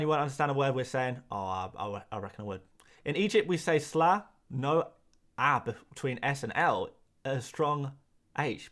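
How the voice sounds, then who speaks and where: A young man from England chatting casually on a live stream, reading and answering chat questions in a rambling, animated way with quick asides. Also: mid-range voice.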